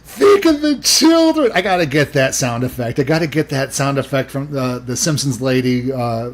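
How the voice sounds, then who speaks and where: A man's voice: medium pitch, fairly even intonation, normal speed. A man giving amused, joking commentary while watching a video. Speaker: reaction show co-host.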